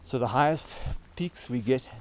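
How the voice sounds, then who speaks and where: Out on a high mountain trail, a travel vlogger in his thirties speaks to camera in a South African accent, short of breath and rambling with plenty of fillers. His voice sits at medium pitch with a moderate pace, and background noise is audible.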